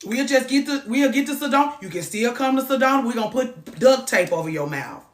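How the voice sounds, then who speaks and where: A woman hosting a talk show, giving animated, profane advice that swings from loud outbursts to low muttering. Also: fairly quick. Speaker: host. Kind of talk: lively advice talk to a caller. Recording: echoey room.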